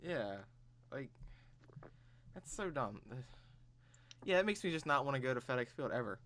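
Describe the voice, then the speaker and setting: Bright, lively man teasing his co-host. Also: mid-range voice, normal speed. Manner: teasing, wry interjections. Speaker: podcast co-host. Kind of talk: casual chat.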